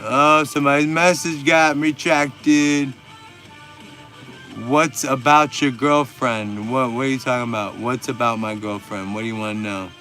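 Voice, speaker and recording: Slow laid-back man, bright voice. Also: medium pitch, steady tone, soft background music. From Texas. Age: 40s. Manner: laid-back, profane, bantering slang. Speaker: livestream host. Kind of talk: casual livestream chat reading viewer comments.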